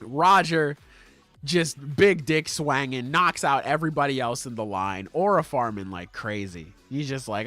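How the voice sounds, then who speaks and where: A lively man on a podcast, his pitch jumping all over as he retells a manga chapter and slips into quick character voices. He swears freely and talks casually. The recording is dry and close, with faint music underneath. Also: dry recording. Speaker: podcast co-host.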